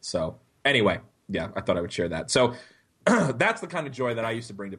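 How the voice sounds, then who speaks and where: A man on a podcast telling a story in a casual, animated way, swearing and often laughing. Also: mid-range voice, fairly quick, breathy edge. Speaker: podcast co-host.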